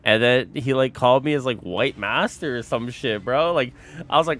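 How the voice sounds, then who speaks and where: A young streamer with a medium-pitched voice talks at a normal speed. He chats casually and animatedly with his audience, swears heavily, and says bro constantly.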